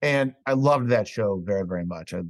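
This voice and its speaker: A man telling stories as a podcast guest, casual and profane, riffing with animated energy. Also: lowish voice, a little fast, no echo. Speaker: guest actor. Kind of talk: casual podcast chat, storytelling.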